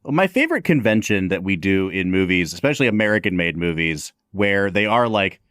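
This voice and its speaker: A man's voice: deep voice, fairly quick, hardly any pauses, dry recording. Male podcast host, enthusiastic, voice rising and falling a lot, dry close sound. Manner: enthusiastic, expressive. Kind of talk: casual chat.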